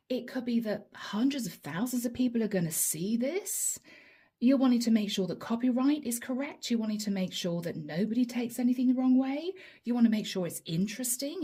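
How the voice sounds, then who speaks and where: A woman's voice: fairly high pitch, mellow, husky. A woman giving a chatty tarot reading straight to her viewers, laughing often and calling them guys. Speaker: tarot reader.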